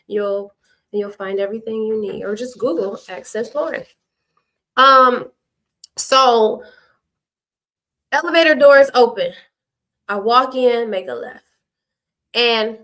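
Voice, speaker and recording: Chatty young woman livestreamer, rambling and frank, tense bright voice sitting a bit high. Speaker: reality show cast member hosting a livestream. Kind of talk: unscripted livestream chat.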